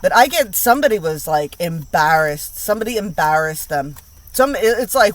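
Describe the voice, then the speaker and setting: A tarot reader with a fairly low, animated voice gives a casual reading at a moderate pace, blunt and emphatic, packed with slang and swearing and repeating lines for emphasis. There's no room sound.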